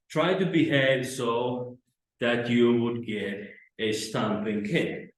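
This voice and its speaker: A man, teaching self-defense drills to camera in slow, halting instruction. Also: medium pitch. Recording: very echoey training room.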